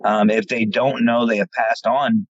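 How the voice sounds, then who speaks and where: A paranormal investigator from central Pennsylvania takes his time, his medium-pitched voice husky as he tells stories in a casual interview. He animates each tale by performing the quoted dialogue and repeating words. Audio quality is dull, dry and lo-fi.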